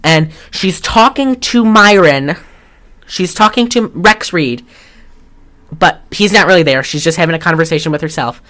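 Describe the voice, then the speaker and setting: A woman's voice: lowish voice, normal speed, a bit bright. A woman co-hosting a podcast, reviewing a movie in casual, rambling chat and swearing offhand. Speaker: podcast co-host.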